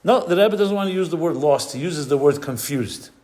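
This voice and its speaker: Man with a higher voice teaching a class. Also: animated, a little fast, noisy background. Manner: explains step by step, weaving in Hebrew and Yiddish terms; stops often to search for the right word. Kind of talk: explanatory class lecture.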